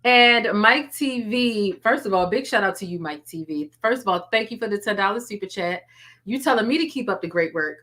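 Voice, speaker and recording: A woman's voice: mid-range voice, animated, a little fast, fairly bright tone. A woman hosting a casual live stream, chatting and thanking viewers by name, laughing and teasing often. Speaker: YouTube livestream host.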